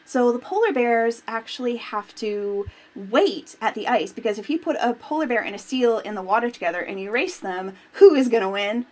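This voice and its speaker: Animated and a little high-voiced, a museum teacher talks at normal speed with few pauses. She hosts a children's storytime and lesson, addressing the kids directly in a cheerful, friendly way.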